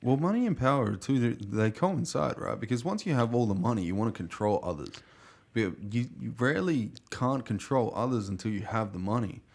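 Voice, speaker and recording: A man's voice: medium pitch, lively intonation, a little fast, creaky, hardly any pauses. A man co-hosting a podcast, chatting bluntly with frequent swearing and jokes. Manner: blunt, profane, joking. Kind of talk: casual podcast chat.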